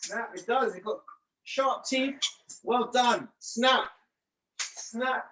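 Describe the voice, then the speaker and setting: A woman's voice: on the high side, slow. A woman leading a live home fitness class for children, cheerful and encouraging as she calls out moves. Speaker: fitness instructor. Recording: echoey distant lo-fi room mic.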